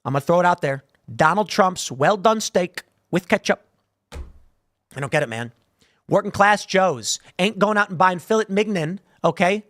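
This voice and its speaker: A man hosting an animated political commentary show, blunt and conversational, with a sarcastic edge. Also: sits high, no room sound, clean studio sound. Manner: sarcastic, mocks canvassers with impressions.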